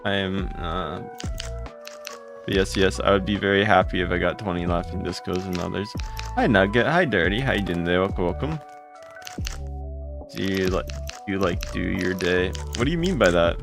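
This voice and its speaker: A young man streaming live, greeting his chat and thanking viewers for gifts, with his voice jumping high when he gets excited. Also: normal speed, vocal fry, pauses often. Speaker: livestreamer. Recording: music playing behind.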